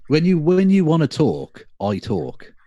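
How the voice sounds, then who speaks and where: A man's voice: on the high side, huge pitch swings, unhurried, mellow, no room sound, highs cut off. A man co-hosting a casual online chat show, swearing and joking through the banter. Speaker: podcast co-host. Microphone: video call.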